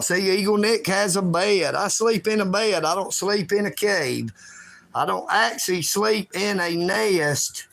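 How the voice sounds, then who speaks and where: A man rambling loudly and emphatically on a livestream from his bedroom. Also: high voice, vocal fry, a little hiss or hum. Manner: loud, emphatic, self-promoting.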